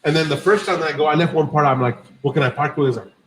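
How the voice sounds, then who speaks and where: A man with a somewhat high voice hosts a podcast and tells a long story in a loose, casual way. He swears freely and acts out what each person said. A light hiss of noise sits under the recording. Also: racing, low-quality recording. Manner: profane, animated anecdote-telling with quoted dialogue. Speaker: podcast host.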